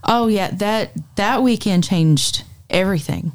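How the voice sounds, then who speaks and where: A woman's voice: medium pitch, measured pace. A woman, a podcast co-host telling a story in casual chat, often repeating words. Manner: chatty, repeats words as she recounts.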